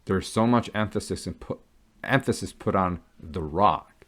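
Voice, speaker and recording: A man's voice: sits low, a little slow, a bit bright. A man giving an earnest, casual explanation to viewers, often checking in with "okay?" and "right?" as he goes. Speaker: Catholic convert vlogger.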